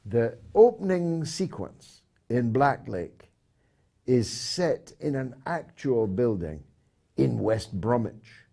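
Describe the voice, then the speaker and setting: A man hosting a talk show, reading out poll results and donations with dry, measured asides. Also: medium pitch, sing-song, creaky, warm tone.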